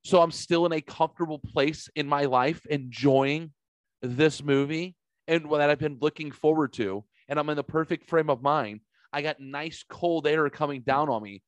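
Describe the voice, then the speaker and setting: A man's voice: on the high side, normal speed, dry recording. A man hosting a podcast, telling a rambling, profane story in casual chat. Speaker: podcast host.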